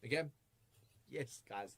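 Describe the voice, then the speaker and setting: A man presenting a live online trading masterclass, energetic and full of rhetorical questions, with frequent chuckles. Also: medium pitch, takes it slowly, gravelly, husky, no echo.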